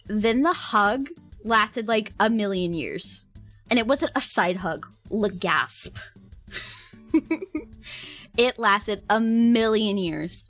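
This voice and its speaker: A young woman streamer telling a story in a casual, animated way, laughing often and breaking into high squeals.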